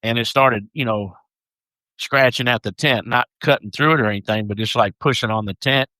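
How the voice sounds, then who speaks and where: A man's voice: medium pitch, normal speed, bright, forceful tone, dry recording, rough recording. A man with a Southern US accent co-hosting a podcast, telling stories in an easygoing, joking way. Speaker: podcast co-host. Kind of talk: casual podcast chat.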